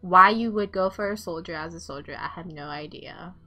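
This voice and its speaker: A young woman giving casual, excitable gameplay commentary at home, swearing often and laughing a lot. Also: on the low side, a little fast. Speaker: game streamer. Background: faint game music.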